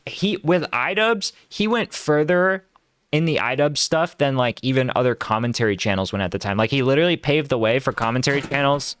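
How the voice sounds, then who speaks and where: A man's voice: mid-range voice, a bit bright, clear, resonant tone, no room sound, studio quality. A young man hosting a commentary stream, talking loosely with lots of fillers and restarts. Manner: rambling, filler-heavy, laughs while reading. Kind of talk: casual commentary chat.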